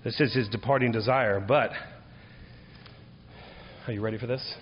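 A man preaching a sermon, building from steady explanation to emphatic, higher-pitched appeals on key points. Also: moderate pace, big-room sound, dull audio, a little hiss or hum. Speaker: pastor.

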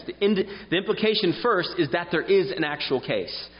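Man, sermon, emphatic and earnest, slightly higher voice, long hall reverb, dull sound. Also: animated, normal speed. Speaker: preacher.

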